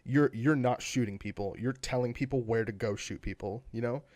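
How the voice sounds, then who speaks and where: A man's voice: medium pitch, a little fast, darkish tone, dry recording. A man co-hosting a gaming podcast, talking in a loose, rambling way full of fillers and restarts. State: has the hiccups. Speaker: podcast co-host. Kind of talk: casual chat.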